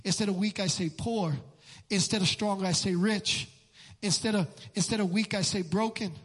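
Middle-aged male pastor, fervent sermon delivery, high and forceful tone, big echoing sanctuary. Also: steady tone, normal speed. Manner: fervent, repetitive preaching that builds to shouts. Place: church sanctuary. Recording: long hall reverb in a church.

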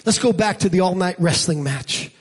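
A man preaching a sermon, with rhythmic repetition building to loud, dramatic peaks. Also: high voice, moderate pace, breathy edge. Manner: preaching with dramatic acted-out scenes and shouted peaks. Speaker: pastor.

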